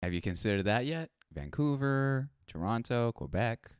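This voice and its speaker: A man's voice: medium pitch, sing-song, moderate pace, smooth, no echo, studio quality. A man hosting a casual streamed interview, laid-back and easygoing, with plenty of affirming fillers. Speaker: host.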